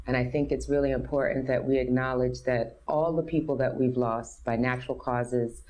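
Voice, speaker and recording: New lady, 50s, low voice, earnest and open, telling her story in an interview. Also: fairly even intonation, normal speed, a little mellow. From New York City. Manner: earnest, open, acts out others' voices in quotes. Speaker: guest.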